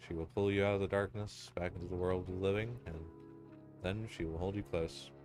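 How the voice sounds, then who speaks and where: A man narrating a dark second-person story in a solemn, ominous and deliberate way. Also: low-pitched, steady tone. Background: music.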